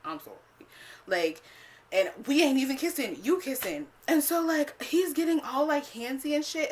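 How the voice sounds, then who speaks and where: A woman vlogger telling a casual storytime, swearing freely, filling every pause with "like" and acting out what she said back then. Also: fairly high pitch, slight background noise. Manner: animated, swears freely, acts out her own past lines; heavy use of "like" as filler.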